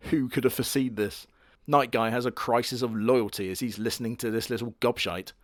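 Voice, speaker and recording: A man's voice: medium pitch, steady tone, a little fast, no room sound, studio quality. A man giving crude, sardonic comedic commentary on an anime. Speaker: anime reviewer.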